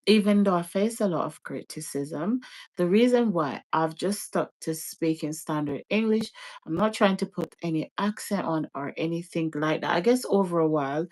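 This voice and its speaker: A woman's voice: fairly low pitch, normal speed. A woman from Jamaica with a Jamaican accent, chatting casually on a livestream and explaining herself with lots of "like"s. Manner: animated, explaining herself with many "like"s. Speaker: livestream host. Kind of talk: casual chat.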